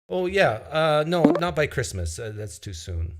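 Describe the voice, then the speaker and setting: A man hosting a live-stream call-in show, joking with callers in a deadpan, mock-serious way. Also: fairly high pitch, normal speed, hardly any pauses, slight background noise. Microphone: video-call style live stream.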